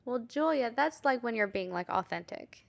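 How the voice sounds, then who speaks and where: A young woman co-hosting a casual podcast, with a slightly high voice and heavy gravelly fry. She trades dry, teasing banter with her co-host. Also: lively intonation, normal speed. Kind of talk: casual chat.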